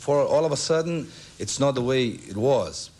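A Brazilian-born man telling comic stories as a guest on a television talk show, breaking into squeaky voices for his characters. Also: lively intonation, moderate pace, darkish tone. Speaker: guest entertainer.

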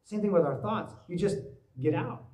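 A pastor delivers an animated sermon in a somewhat high voice. He slips into worried voices as he tells his stories. The sound is roomy and echoey, picked up from a distance in a church hall. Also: normal speed, slight background noise. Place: church sanctuary.

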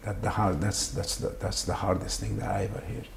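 Gravelly low-voiced man, halting. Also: flat delivery. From Saudi Arabia. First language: Arabic. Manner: halting, repeats words often. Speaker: interviewee. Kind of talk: emotional interview testimony. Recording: faint background noise.

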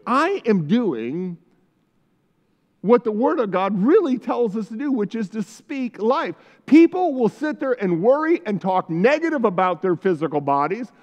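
A man's voice: sits high, big pitch swings, a little slow. A middle-aged male pastor preaching a sermon in a church, fervent and repetitive, breaking into spoken prayers. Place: church sanctuary. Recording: muffled sound with long hall reverb.

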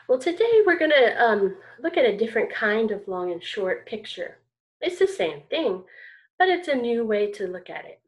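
Woman music teacher for little kids, high voice, slow and encouraging, singsongy. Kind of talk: online music lesson for young children.

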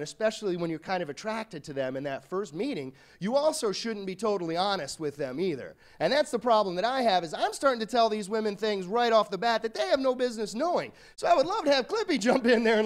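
Man, comedian, high voice, rambling self-deprecating stand-up storytelling. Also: big pitch swings, fast, hardly any pauses.

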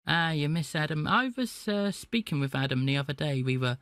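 A man's voice: a little high, animated, brisk, fairly bright tone, no echo, clean studio sound. A man hosting a live stream where he calls phone scammers, teasing them with sarcastic, mock-gullible banter. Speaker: livestream host calling phone scammers.

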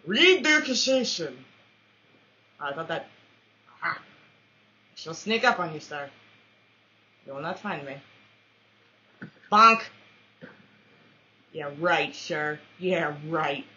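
Woman, let's-play commentary, unhurried, swooping pitch, playful trash talk, muffled lo-fi recording. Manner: playful trash talk with mock-formal phrasing; excitable yelps and laughs. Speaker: gamer commentating her own match. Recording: dull lo-fi recording.

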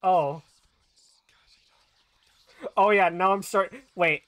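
A man's voice: sits high, steady tone, slow pace, fairly bright tone, no room sound. A young man live-streaming a game, thinking aloud, laughing often and swearing as he plays.

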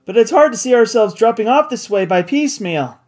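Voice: medium pitch, expressive, a little fast, a little mellow, pitched above the performer's own voice, natural voice. A reader voicing a loyal, plucky young manservant in an audiobook, eager and cheerful in manner. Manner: eager, cheerful, cool under danger. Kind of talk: audiobook character voice.

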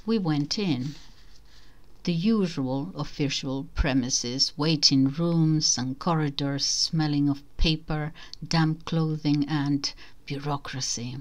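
A woman reading a short story aloud in the first person, slow and measured. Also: low-pitched, a little mellow. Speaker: reader.

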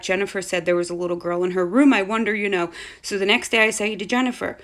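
A mother telling a spooky family story to camera in a casual, animated way, acting out the voices of the people in it. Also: mid-range voice, brisk, hardly any pauses.

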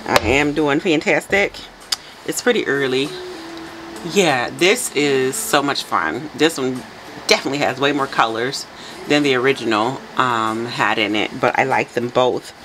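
A woman hosting her soap making channel, chatting casually to viewers with a raspy early-morning voice and frequent laughs. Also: a bass voice, a little slow, background noise. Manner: chatty, laughs often, talks to viewers directly. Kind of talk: casual tutorial chat.

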